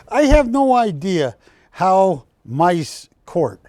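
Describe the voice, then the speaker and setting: A man's voice: high voice, big pitch swings, very slow, darkish tone, no room sound. A man hosting a live shopping channel broadcast, selling art with chatty, jokey banter from a studio. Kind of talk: live TV sales pitch.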